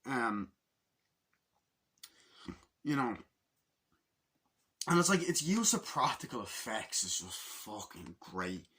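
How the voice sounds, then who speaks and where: A man reviewing a film in casual, breathless talk, cursing at every turn and jumping into the action. His voice is bright and strained, with a husky, slightly rough texture. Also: medium pitch, takes it slowly, long pauses. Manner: excitable and heavily profane, acts out scenes in loud impressions. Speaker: movie reviewer.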